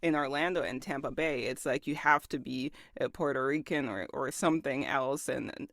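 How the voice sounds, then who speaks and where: A woman's voice: extremely low pitch, normal speed, fairly bright tone, no room sound, clean studio sound. A woman talking casually as a podcast guest, chatty and giggly with lots of filler words. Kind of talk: casual conversation.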